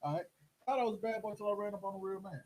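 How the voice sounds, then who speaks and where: A middle-aged man telling a story in casual chat, animated and acting out the voices of the people in it. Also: high-pitched, very fast, a little hiss or hum, rough recording. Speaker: host.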